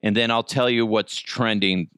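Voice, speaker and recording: A man's voice: on the low side, steady tone, normal speed, fairly bright tone, clear, resonant tone, no echo, clean studio sound. A man hosting a solo podcast, ranting profanely and mocking his targets. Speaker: podcast host.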